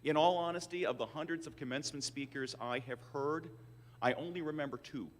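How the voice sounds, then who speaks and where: A man's voice: a little high, brisk. An older man in his sixties giving a commencement address with wry, self-deprecating storytelling. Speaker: commencement speaker. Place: large auditorium. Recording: hall reverb from a PA.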